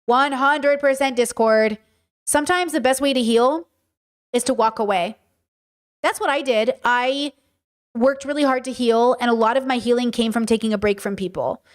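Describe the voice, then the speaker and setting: Woman in her 30s going off on her podcast, blunt and sweary, kinda high voice. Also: moderate pace. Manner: blunt, profane and emphatic. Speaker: podcast host. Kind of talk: casual unscripted monologue answering chat.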